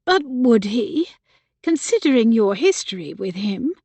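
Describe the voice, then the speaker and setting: A narrator voicing a gentle, worried young woman. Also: a little high, very animated, measured pace, husky, dry recording, exaggerated voice. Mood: concerned. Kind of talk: audiobook character voice.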